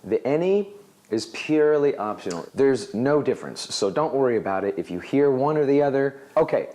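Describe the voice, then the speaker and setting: Guy teaching english phrases on video, super animated, voice bounces all over, middle pitch. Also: normal speed. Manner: animated, acts out example dialogues. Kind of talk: video lesson explaining a phrase.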